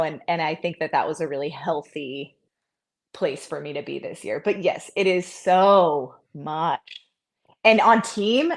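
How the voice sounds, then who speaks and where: In a relaxed interview, this CrossFit athlete comes across lively and self-deprecating. When she repeats what someone said, she performs it in a raised, higher-pitched voice.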